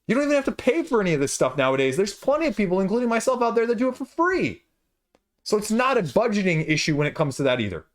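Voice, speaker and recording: A man's voice: sits high, big pitch swings, fast talker. A man hosting a board game channel, ranting casually to camera in a passionate, emphatic way, his voice jumping when he gets worked up. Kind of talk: casual opinion rant to camera.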